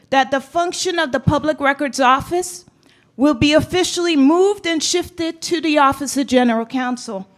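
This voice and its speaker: A woman clerk reading a prepared statement to a school board in a formal, measured way. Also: sits high. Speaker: public records clerk, public commenter.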